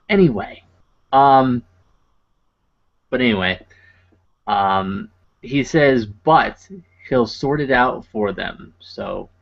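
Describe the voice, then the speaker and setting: A man co-hosting a podcast, recapping a show in casual, rambling chat full of fillers and wry asides. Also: mid-range voice. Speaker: podcast co-host. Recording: dull lo-fi podcast audio.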